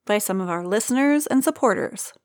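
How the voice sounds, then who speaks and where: A woman's voice: medium pitch, animated, brisk, dry recording, clean studio sound. A woman co-hosting a podcast in casual chat, joking and self-deprecating, swearing now and then. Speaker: podcast co-host.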